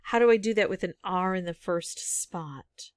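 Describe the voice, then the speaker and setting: A woman's voice: on the low side, moderate pace, smooth, dry recording, studio quality. A woman thinking aloud as she works through a word game, musing over guesses in casual commentary. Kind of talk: casual solo gameplay commentary.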